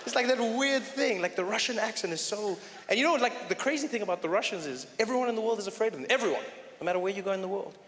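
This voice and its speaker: A man with a South African accent doing chatty, animated stand-up with a fairly high voice. He is recorded live in a large echoey hall, with loud audience noise around him. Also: fast talker. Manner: chatty, animated, slips into impressions. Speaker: stand-up comedian.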